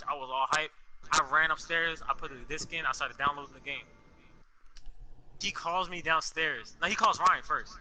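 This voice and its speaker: A young man telling a story in a casual, animated way, full of slang and swearing, on a podcast with friends. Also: on the high side, poor audio. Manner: animated, profane, street slang. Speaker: podcast co-host.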